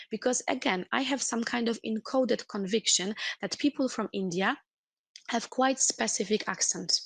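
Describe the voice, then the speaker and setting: Gravelly-voiced woman giving an earnest webinar lecture. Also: fairly high pitch, normal speed, no room sound. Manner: earnest, explanatory, with many restarts and "let's say". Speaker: corporate trainer.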